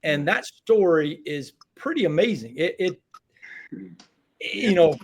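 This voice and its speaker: A man hosts an interview show and stumbles over repeated words as he leads into his questions. He sounds keen and chatty. His voice sits somewhat high for a man. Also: lively intonation. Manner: halting, stammering repeats, enthusiastic. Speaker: podcast host. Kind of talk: interview podcast hosting.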